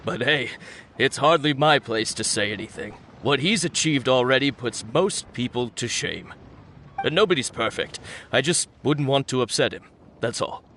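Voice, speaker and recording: A man's voice: mid-range voice, animated, moderate pace, bright, forceful tone, slight background noise. A man voicing a defensive middle-aged fish seller in video game dialogue, hedging and falsely modest.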